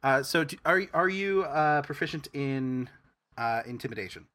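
A man narrating a tabletop role-playing game as game master, explaining rules and the story in a measured way. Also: mid-range voice, expressive, pushed and bright.

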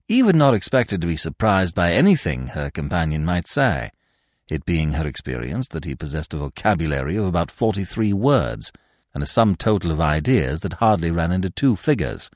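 A man narrates classic fiction in a lowish voice. His delivery is richly expressive and rises and falls all over. The recording sounds dry and close. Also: moderate pace, no echo. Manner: expressive, storytelling.

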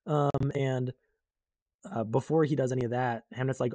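A man's voice: medium pitch, steady tone, normal speed, a little mellow, no room sound, clean studio sound. A young man casually recapping a book in a rambling way, full of fillers, and briefly acting out the characters he quotes.

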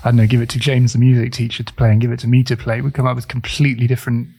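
A man's voice: mid-range voice, flat delivery, rapid-fire, creaky, warm tone, husky. A man co-hosting a podcast in casual chat, reflective and musing, often hesitating as he thinks aloud. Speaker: podcast co-host.

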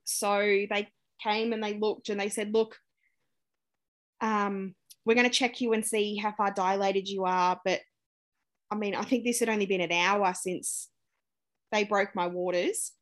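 A young Australian woman appears on a podcast, candidly narrating something from her life with lively acted-out quotes and laughter. Her voice is mid-range, her pace measured, and she pauses often.

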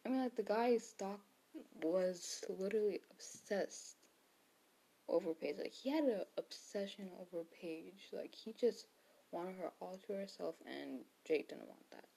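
A woman recapping a story in a casual, rambling way, at a medium pitch. She stumbles over fillers and corrects herself as she goes. At times she slips into a hushed whisper when she quotes someone. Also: unhurried, gravelly, slightly rough.

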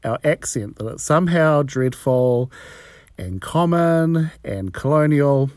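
A man's voice: a little high, animated, takes it slowly, darkish tone, no echo, studio quality. A man from New Zealand with a New Zealand accent, telling a personal story in a profane, frank and wry way.

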